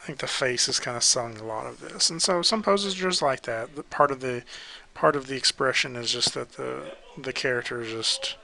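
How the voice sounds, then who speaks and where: Bright-voiced man critiquing drawings. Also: medium pitch, brisk, vocal fry, poor audio. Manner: relaxed, hesitant, many ums and likes. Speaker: art instructor giving pose feedback. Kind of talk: casual critique while sketching.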